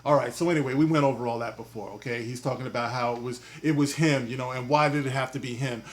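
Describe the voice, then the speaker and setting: A man's voice: medium pitch, fast talker, hardly any pauses, a bit bright. A man giving a casual commentary rant, rambling and repeating "you know what I mean". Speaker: commentary vlogger.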